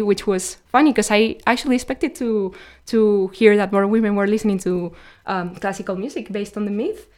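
A woman's voice: medium pitch, smooth. A young woman hosting a radio show, chatting casually and sharing facts between songs. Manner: chatty, explaining facts informally.

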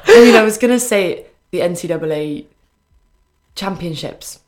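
A young woman with a British accent talks as a guest on a radio show. Her voice sits on the lower side. She chats loosely, filling pauses with ums and small laughs. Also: expressive, a little mellow. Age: young adult. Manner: chatty, hesitant with frequent ums, laughing asides. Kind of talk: casual radio chat.

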